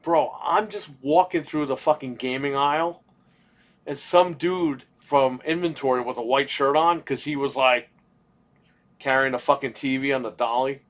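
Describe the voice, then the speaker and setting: A man's voice: medium pitch, steady tone, normal speed, fairly bright tone. A young man co-hosting a gaming livestream, telling rambling stories in casual, profane chat. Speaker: podcast co-host.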